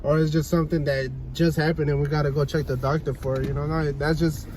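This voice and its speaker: A young man chats casually on a couple's vlog, laid-back and tacking "you know?" onto nearly every thought. His fairly high, darkish voice is flat in delivery and fast. The audio is poor, with light background noise.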